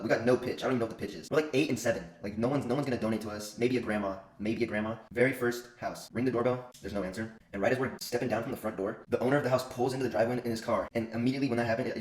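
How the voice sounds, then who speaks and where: A man's voice: mid-range voice, reverberant. A young man telling funny stories about his childhood in casual, profane chat. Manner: fast, profane, joking. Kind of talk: casual storytelling monologue.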